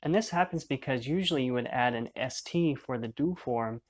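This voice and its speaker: A man's voice: mid-range voice, moderate pace. Man explaining a lesson patiently. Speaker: language teacher.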